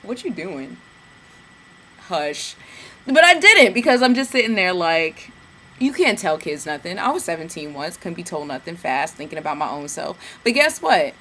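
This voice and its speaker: A young woman from Georgia, telling a story in a casual vlog rant, animated and sassy, slipping into mimicked asides. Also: fairly low pitch, moderate pace. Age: young adult. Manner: animated, mimics people in asides, sassy slang, bursts of cackling laughter. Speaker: vlogger.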